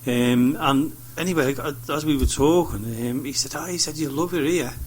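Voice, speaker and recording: A man's voice: fairly high pitch, a little fast, a little hiss or hum. A man telling rambling anecdotes on a radio chat show, acting out the voices of people he met. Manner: rambling anecdotes with acted-out quotes. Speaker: studio guest. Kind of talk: casual radio chat, storytelling.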